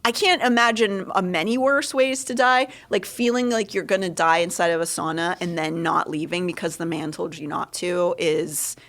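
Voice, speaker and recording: A woman co-hosting a podcast livestream in casual chat, animated, her pitch jumping up on punchlines. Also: normal speed, few pauses. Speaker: podcast co-host.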